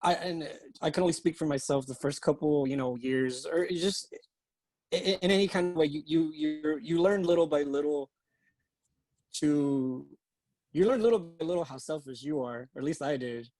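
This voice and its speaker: A man who is a guest in a podcast interview, with a somewhat high voice and dry, close sound. He talks thoughtfully and haltingly, restarts his sentences often and hunts for the right words. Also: a little mellow, no room sound. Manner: halting, many restarts, reflective. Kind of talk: casual interview chat.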